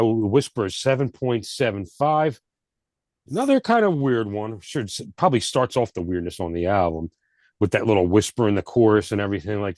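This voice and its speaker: A man's voice: lowish voice, a little mellow, no echo, studio quality. A man co-hosting a casual album review chat, laid-back and rambling with restarts. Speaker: podcast co-host.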